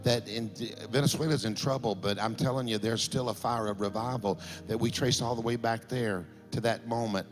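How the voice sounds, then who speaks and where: A middle-aged man, a pastor telling a story in a sermon that builds to impassioned shouting. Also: mid-range voice, steady tone, moderate pace, few pauses, over music.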